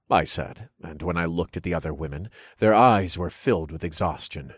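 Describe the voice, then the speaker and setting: A man narrating a first-person fantasy novel in a steady, measured reading on a close mic. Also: low-pitched, breathy edge, no room sound. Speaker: audiobook narrator.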